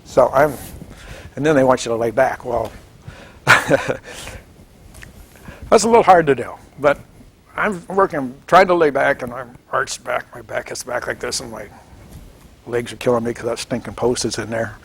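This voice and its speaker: A man in his seventies from Washington State, telling his story in an oral history interview, animated and chuckling, acting out the voices of people he quotes. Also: medium pitch, moderate pace, gravelly, long pauses, slightly rough. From Washington State, United States. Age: 70s. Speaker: veteran interviewee.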